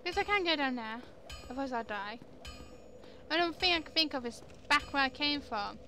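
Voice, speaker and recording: A young woman commenting chattily on her own gameplay, quick to exclaim and laugh. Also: high voice, expressive, pushed and bright, slight background noise. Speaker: gamer. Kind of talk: let's play commentary.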